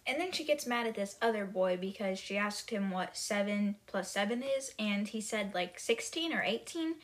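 A woman's voice: medium pitch, animated, moderate pace. A woman hosting a podcast, retelling book chapters in a chatty way full of "like" and "she's like". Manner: chatty, filler-heavy retelling with lots of "she's like". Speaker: podcast host. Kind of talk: casual book-chapter recap.

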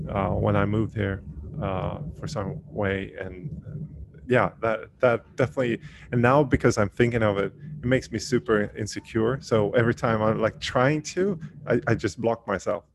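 Low gravelly man, halting casual talk. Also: steady tone, background noise. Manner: hesitant, repeats words when starting. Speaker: podcast co-host. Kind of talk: casual chat.

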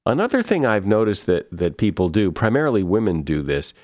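A man hosting an interview show, talking in a measured, conversational way. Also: on the low side, big pitch swings, darkish tone, dry recording, clean studio sound. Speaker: podcast host.

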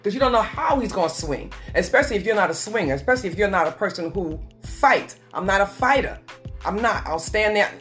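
A woman telling a personal story as a guest in an earnest, repetitive way, slowing down for emphasis. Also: medium pitch, animated, fairly bright tone, faint music behind. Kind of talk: emotional personal testimony.

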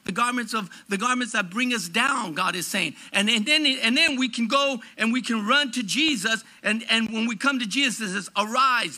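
Preacher guy with a really high bright voice, fervent sermon, drawn-out declaring lines.

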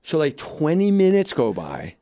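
A man telling stories in a casual interview, animated and acting out the people he quotes. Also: on the high side, normal speed. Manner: animated, acts out quoted voices. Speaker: comedian guest. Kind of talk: casual storytelling.

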